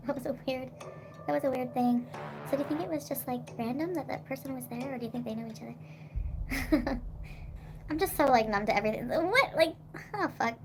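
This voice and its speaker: A woman's voice: sits high, moderate pace, long pauses, over music. A young woman livestreaming, rambling in casual chat with lots of "like" and swearing.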